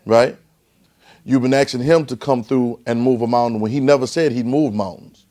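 A man's voice: medium pitch, fairly even intonation, normal speed, warm tone. A male pastor preaching a sermon, leading the congregation in call-and-response and often repeating and restarting phrases.

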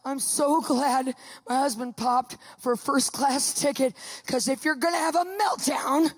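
A woman tells her personal testimony in an animated way. She laughs often and acts out other people's voices as she goes. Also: sits high, a little slow, dry recording, clean studio sound. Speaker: guest giving a testimony.

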